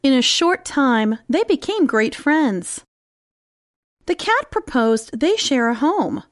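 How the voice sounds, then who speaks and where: A woman tells a fairy tale in a high, lilting voice that moves lively up and down. Her storytelling is expressive and sing-song, and the recording is close and dry. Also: slow pace, no room sound. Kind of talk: scripted fairy-tale narration.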